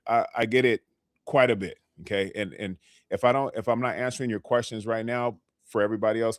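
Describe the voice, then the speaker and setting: A man's voice: fairly low pitch, no echo, studio quality. A man, a health coach, giving motivational advice on a live stream in a conversational way, often checking in with "okay?". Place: lives in California.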